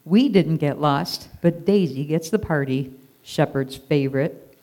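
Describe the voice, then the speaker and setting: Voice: medium pitch, measured pace, mellow, natural voice. A storyteller voicing a sulky, jealous sheep who moans and complains. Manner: whiny complaining.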